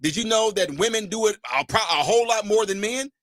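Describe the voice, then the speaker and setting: High-voiced, emphatic male stream host. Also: a little fast, no room sound, studio quality. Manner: animated, emphatic, preachy. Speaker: host taking callers. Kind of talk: livestream commentary.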